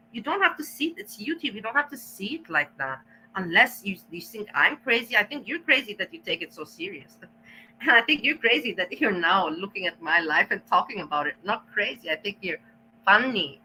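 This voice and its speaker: A woman's voice: on the high side, sharp tone, slight background noise, rough recording. A woman vlogger ranting to her camera, blunt and defiant, cursing often and stalling as she hunts for words. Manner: halting, searches for words. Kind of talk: casual rant to camera.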